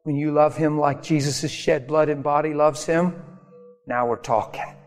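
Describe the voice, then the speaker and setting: Man preaching, kinda high voice, punchy and emphatic, big echoey hall, soft music behind. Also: fairly even intonation, unhurried. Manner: emphatic, rising to bursts. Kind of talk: sermon storytelling. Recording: long hall reverb with faint music.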